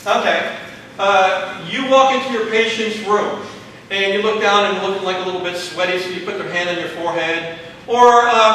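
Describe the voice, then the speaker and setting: A man teaching a college class with a Texan accent, lively and questioning the students, acting out little exchanges as he goes. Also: high-pitched, a little hiss or hum. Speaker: college instructor. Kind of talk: classroom lecture. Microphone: far room mic. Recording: echoey classroom from far off.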